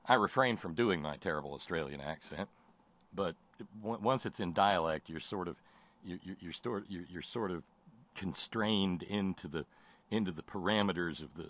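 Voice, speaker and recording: A man's voice: low-pitched, a bit bright, no echo. A man hosting a political call-in radio show, talking casually with sarcasm and frequent stammering restarts. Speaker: radio talk show host.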